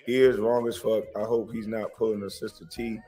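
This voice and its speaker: A man's voice: on the low side, flat delivery, brisk, dark tone, long reverb tail, faint music behind. An American man giving casual reaction commentary, aggrieved and repetitive, swearing freely.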